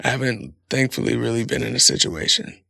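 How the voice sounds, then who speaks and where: A man's voice: mid-range voice, expressive, fairly quick, creaky, sharp tone, no room sound, studio quality. A man hosting a podcast, talking in a casual, rambling monologue full of profanity. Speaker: podcast host.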